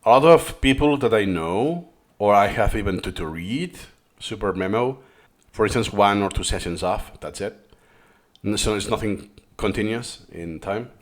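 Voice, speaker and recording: Low-voiced non-native English course host. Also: male voice, lively intonation, moderate pace. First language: not English. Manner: explains with frequent restarts. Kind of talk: reaction commentary lesson.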